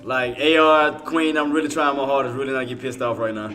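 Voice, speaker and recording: A man's voice: mid-range voice, fairly even intonation, brisk, a bit bright, soft background music. A man giving live commentary on his trading, exasperated, swearing and talking straight to his chat viewers. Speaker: day trader streaming to viewers.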